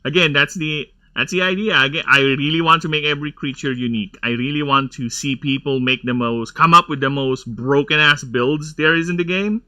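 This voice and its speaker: A man's voice: a little high, fairly quick, few pauses, pushed and bright. A man giving casual, rambling gameplay commentary, going off on nerdy tangents and laughing often. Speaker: gameplay streamer.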